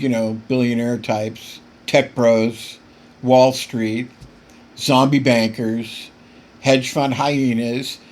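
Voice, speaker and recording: A man hosting a political podcast, delivering impassioned commentary that keeps getting worked up, with frequent stumbles and repeated words. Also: mid-range voice. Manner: emphatic, gets worked up.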